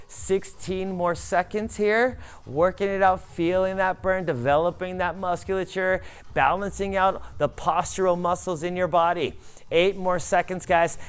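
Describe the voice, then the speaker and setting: A man's voice: on the high side, clear, resonant tone. A young man coaching a workout class, cueing form and counting down holds in an upbeat, motivational way. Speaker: fitness instructor.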